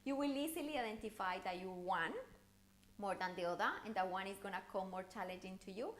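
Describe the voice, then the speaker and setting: A woman coaching viewers through an online challenge lesson, talking in an animated, encouraging way with intonation that rises and falls. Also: mid-range voice, brisk. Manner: encouraging, speaks straight to the viewer. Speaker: communication coach.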